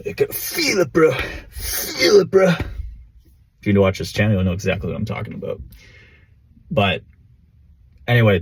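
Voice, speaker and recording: A man's voice: fairly low pitch, breathy edge, no room sound. A man vlogging casually to camera, rambling with restarts and calling people "bro", recorded without a proper mic. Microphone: built-in camera or phone mic.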